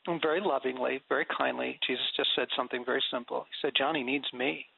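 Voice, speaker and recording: A man's voice: mid-range voice, fairly even intonation, fast, gravelly, husky, no echo. A middle-aged man talking animatedly about prayer as an interview guest, telling stories and laughing often. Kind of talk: conversational faith interview. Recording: dry, phone-like radio sound.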